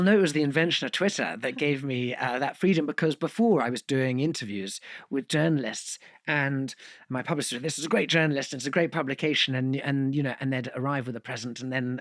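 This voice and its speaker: A man of middle pitch tells his story as a podcast guest, with no room sound around his voice at all. He rambles along in a self-deprecating way, trailing into fillers and restarting his sentences. The tone is relaxed and conversational, like an easy anecdote. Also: no echo, clean studio sound.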